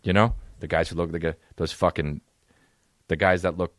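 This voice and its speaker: A man's voice: low voice, fairly even intonation, normal speed, dry recording, studio quality. A man hosting a comedy podcast, ranting in a profane, sarcastic way. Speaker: podcast host.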